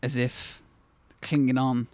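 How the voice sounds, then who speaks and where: A man's voice: medium pitch, little pitch movement, takes it slowly, a little mellow, dry recording. A man in his thirties, the host of his own channel, telling a personal story to camera in a candid, conversational way that turns reflective and then bursts with enthusiasm.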